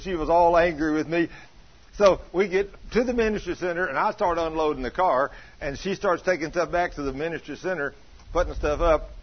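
A man's voice: sits high, a little hiss or hum. A man preaching with folksy storytelling, using plain country grammar and laughing as he talks. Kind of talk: sermon with storytelling. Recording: dull lo-fi sermon recording.

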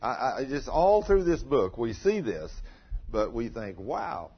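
A man's voice: sing-song, measured pace, husky. A man preaching a sermon in a folksy way, asking the listeners rhetorical questions and telling stories. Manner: folksy, rhetorical tag questions, dramatic pitch swings. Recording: dull lo-fi recording.

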